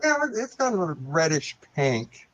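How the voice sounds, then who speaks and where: A man's voice: fairly high pitch, big pitch swings, normal speed, fairly bright tone, no echo. A man co-hosting a live online vintage sale, describing items appreciatively. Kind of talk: live online sales auction. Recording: dull, dry lo-fi sound.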